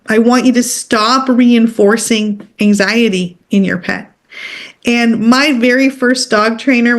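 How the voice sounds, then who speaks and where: A woman teaching a workshop in a relaxed, conversational way. Her voice sits a little high, and she is direct, pausing often to check that her listeners are following. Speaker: animal communicator leading a workshop.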